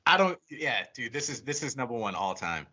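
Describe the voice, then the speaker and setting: A man co-hosting a podcast in casual chat, excitedly retelling a movie plot with lots of swearing and acted-out quotes. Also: mid-range voice, brisk, slightly rough, muffled recording. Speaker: podcast co-host reviewing a horror movie.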